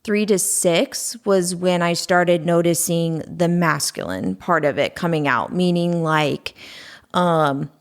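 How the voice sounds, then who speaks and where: Woman, podcast guest, gravelly, lower voice, calm and candid. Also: takes it slowly. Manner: talks openly and calmly about past abuse, many fillers. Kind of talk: candid conversational interview.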